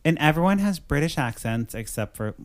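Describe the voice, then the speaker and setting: A man's voice: fairly high pitch, lively intonation, a little fast. A man hosting a podcast, recapping a film in a rambling, joking way and acting out its lines. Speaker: podcast host reviewing a film. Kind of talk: casual chat.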